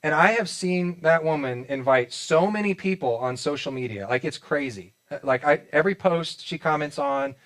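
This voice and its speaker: A Midwestern American man in his forties preaching in a church auditorium, his voice sitting a bit high for a man. He talks like he is chatting with friends, joking and acting out little quotes, and often restarts his sentences. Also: normal speed, hardly any pauses, fairly bright tone. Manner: conversational and joking, with many restarts and acted-out quotes. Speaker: pastor. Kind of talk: sermon.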